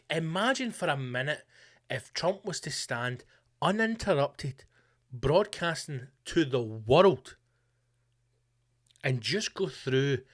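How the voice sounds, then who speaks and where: A Scottish man hosting his podcast, delivering a sweary, animated comedic rant in a conspiratorial tone. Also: medium pitch. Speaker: podcast host.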